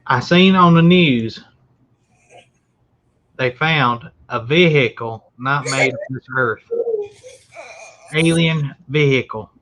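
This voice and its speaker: A man's voice: medium pitch, slow pace, long pauses, a bit bright. A man hosting a casual chat, folksy and joking. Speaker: host. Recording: dull lo-fi sound.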